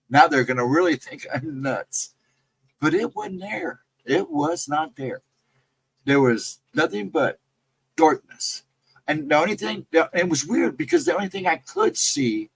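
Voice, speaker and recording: A man casually telling a personal encounter story, rambling and jumping sharply higher in pitch when he quotes himself. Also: husky, dry recording, rough recording. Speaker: guest storyteller.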